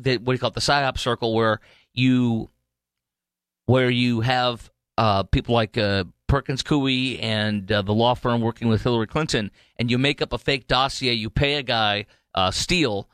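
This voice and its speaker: A man hosting talk radio in a rambling, emphatic monologue, full of restarts and fillers. His voice sits at an ordinary middle pitch for a man. The studio sound is dry and close, with no room echo. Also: a bit bright. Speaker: radio talk show host.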